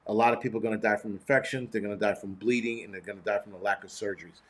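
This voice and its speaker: A man's voice: on the low side, fairly even intonation, rapid-fire, fairly bright tone. A man hosting a prepping show, giving blunt, profane, rambling live-stream commentary and reading chat messages aloud.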